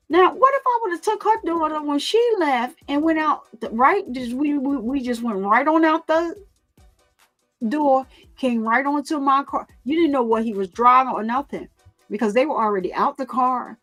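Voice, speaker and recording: A woman hosting her own channel, speaking casually to her viewers in an animated way, repeating phrases and laughing often. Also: high voice, normal speed, soft background music. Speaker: commentary channel host.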